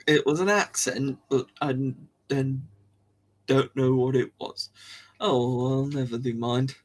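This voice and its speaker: A man's voice: mid-range voice, slow pace, pauses often. A young man, chatting casually on a live stream, rambling, restarting sentences and giggling often.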